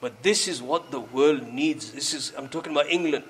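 A man at medium pitch and moderate pace delivers a sermon over slight background noise. Earnest and exhorting, he narrates a story, weaves Urdu and Arabic religious vocabulary into his English, and raises his voice when urging listeners.

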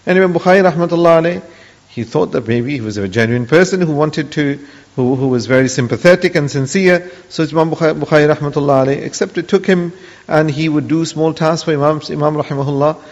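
A man's voice: on the high side, fast. A man giving a religious lesson, telling an old story in an earnest way. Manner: earnest, story-driven, peppered with pious honorifics. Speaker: Islamic religious teacher. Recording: dull lo-fi audio with long hall reverb.

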